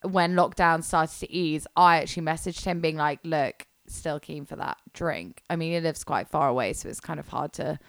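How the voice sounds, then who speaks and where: A woman's voice: low voice, steady tone, brisk, few pauses, dry recording. A woman co-hosting a podcast, chatty and storytelling, swearing casually. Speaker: podcast co-host. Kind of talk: casual chat.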